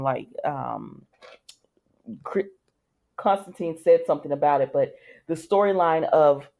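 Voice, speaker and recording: A woman's voice: low-pitched, darkish tone. A woman giving a casual, rambling spoken recap of a soap opera episode, with many fillers, restarts and chatty asides.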